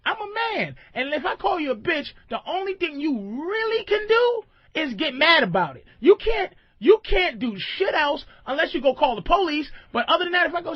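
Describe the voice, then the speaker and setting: A man hosting a radio show, ranting loudly and emphatically, swinging between booming shouts and low mumbles. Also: no echo, muffled recording. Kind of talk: loose comedic radio rant.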